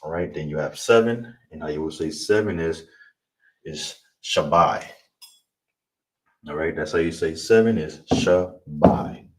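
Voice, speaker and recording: Deep-voiced man teaching, distant noisy mic. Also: moderate pace, darkish tone. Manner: repeats words, frequent "all right?". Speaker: language teacher. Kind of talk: online class lesson.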